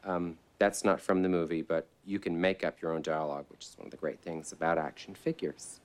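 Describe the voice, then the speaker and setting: An actor playing an eager, theater-obsessed middle-aged shop owner who talks in an earnest, rambling way in a mockumentary interview. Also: male voice, low-pitched, steady tone, a little fast, natural voice. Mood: gushing. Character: eager theater-mad middle-aged man, sweetly self-absorbed.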